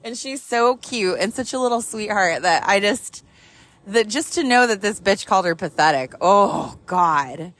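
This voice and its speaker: An animated woman in her thirties tells a long story in a car while she drives. She talks casually and swears freely, and she laughs often as she goes. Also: mid-range voice, measured pace. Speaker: mother telling a story.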